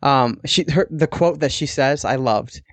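A man's voice: medium pitch, unhurried, no room sound. A man co-hosting a podcast, casually recapping a TV episode in a rambling way with the odd swear word. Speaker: podcast co-host.

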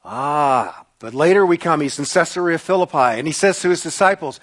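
A man preaching a sermon to a congregation, animated and acting out the voices he quotes. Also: fairly high pitch, fairly quick. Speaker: pastor.

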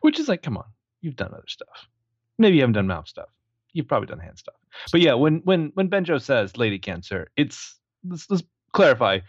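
A man's voice: medium pitch, dry recording, muffled recording. A man co-hosting a podcast, chatting casually and sarcastically about a film, swearing and laughing often. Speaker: podcast co-host. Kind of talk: casual movie review chat.

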